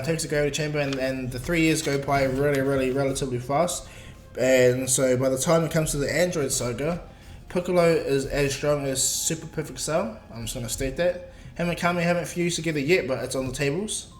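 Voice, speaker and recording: A man's voice: medium pitch, echoey room. Rambling man telling a fan story. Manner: rambling, filler-heavy, self-correcting. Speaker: video creator. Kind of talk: casual fan-fiction retelling.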